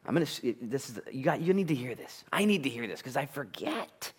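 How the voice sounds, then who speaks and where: A male pastor preaching a sermon in an animated, conversational way, with jokes, asides and sudden loud bursts. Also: on the high side, brisk, hardly any pauses, breathy edge. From United States.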